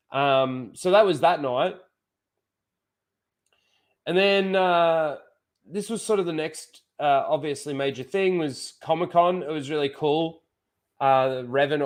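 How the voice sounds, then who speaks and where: A young Australian man, the show's host, telling a rambling, profane story in casual chat, full of fillers. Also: medium pitch.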